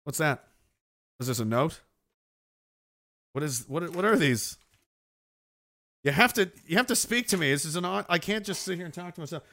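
A man's voice: on the high side, expressive, moderate pace, long pauses, sharp tone. Sarcastic, cursing man ranting on air. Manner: profane, sarcastic, reads chat comments aloud. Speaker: live show host. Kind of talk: casual livestream rant.

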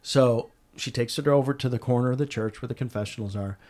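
Earnest man telling an animated story. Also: mid-range voice, fast talker. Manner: earnest, animated retelling with frequent restarts. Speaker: interview guest. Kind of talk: conversational storytelling.

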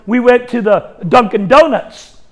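A man's voice: extremely high pitch, measured pace. A middle-aged man preaching a charismatic sermon as an evangelist, bold and humorous, telling stories with laughing asides and acting out the dialogue.

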